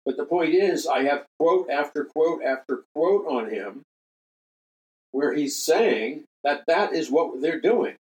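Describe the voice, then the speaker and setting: A man's voice: a little high, expressive, slow, muffled recording. An older man hosting a religious talk radio show, speaking emphatically, repeating key phrases and making earnest appeals to listeners. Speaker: radio show host and minister.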